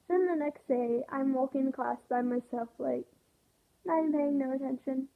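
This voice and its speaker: A woman's voice: sits high, fairly even intonation, moderate pace. A woman telling a rambling storytime, swearing often and leaning on "I'm like" as she goes. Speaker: vlogger. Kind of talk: storytime chat. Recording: tinny phone-like sound.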